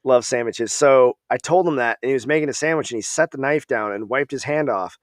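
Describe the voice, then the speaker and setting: A man from Minnesota, an Army veteran guest on a podcast, telling stories in a casual, profane and animated way. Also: mid-range voice, a little fast, dry recording, clean studio sound.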